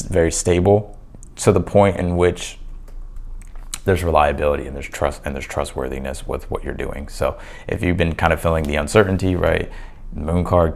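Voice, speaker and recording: A man with a very low voice and a gravelly, fry-laden edge talks through a tarot spread for his viewers. He is loose and chatty, leaning on fillers and restarting his sentences, and sounds a little hoarse, as if he is losing his voice. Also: a little hiss or hum. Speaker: tarot reader. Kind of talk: casual tarot reading to camera.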